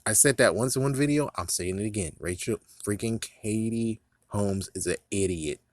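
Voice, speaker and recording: A man's voice: on the low side, moderate pace, no echo, clean studio sound. A man in casual movie commentary, rambling, swearing and laughing at his own jokes. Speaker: vlogger.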